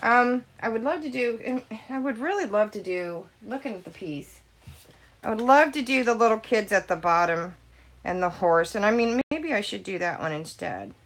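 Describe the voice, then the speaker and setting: A woman vlogging about paper crafting in casual chat, ranting in an animated way and swearing freely as she works at her craft table. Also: mid-range voice, moderate pace. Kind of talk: casual chat while stamping cards.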